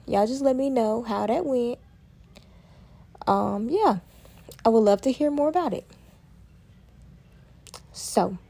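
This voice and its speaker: A woman hosting a casual solo podcast, talking in a chatty, lively way and addressing listeners as y'all. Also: fairly high pitch. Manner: chatty, lively, uses y'all and Southern phrasing. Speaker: podcast host.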